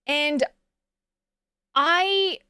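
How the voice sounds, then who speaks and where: A woman's voice: sits high, extremely slow, bright, forceful tone, no room sound, studio quality. A young adult woman streamer chatting casually and telling a story while reading chat aloud.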